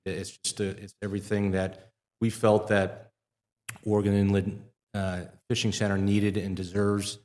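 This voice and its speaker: He's a middle-aged Wisconsin marina owner whose lowish, darkish voice stays monotone at normal speed during a casual interview full of fillers and restarts. It takes place at a live show in a fishing center, with the long reverb of a large venue.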